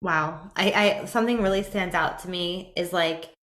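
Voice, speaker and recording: A woman's voice: lowish voice, moderate pace, fairly bright tone, reverberant. A woman hosting a podcast, enthusiastic and affirming as she asks questions. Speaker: podcast host. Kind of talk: podcast interview.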